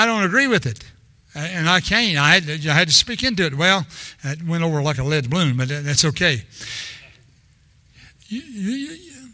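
A man's voice: on the high side, bright, forceful tone, no room sound. An older man preaching a sermon in a rambling, storytelling way, often restarting his sentences.

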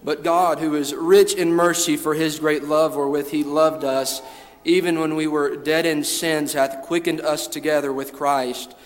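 A man delivers a sermon in a fairly high voice, reading scripture and stressing words as he builds into fervent preaching. He often restarts his phrases and repeats himself. His voice rings with a long reverb. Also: level tone, measured pace.

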